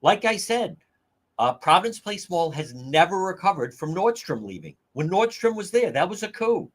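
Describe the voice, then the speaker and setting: A man's voice: high-pitched, sing-song, moderate pace. A man hosting a livestream talk show, ranting incredulously through opinionated news commentary and addressing viewers as folks.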